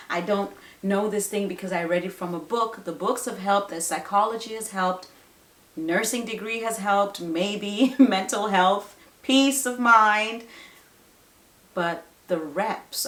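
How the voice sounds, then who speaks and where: A woman's voice: mid-range voice, a bit bright, roomy sound. A woman nurse and mother giving parenting advice straight to camera, emphatic and full of rhetorical questions. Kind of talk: direct-to-camera advice talk.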